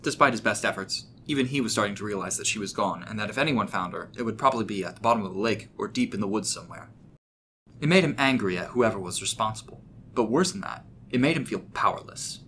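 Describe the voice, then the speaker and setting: Male narrator for scripted horror, low pitch, crisp bright tone, steady delivery. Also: fast talker, slight background noise.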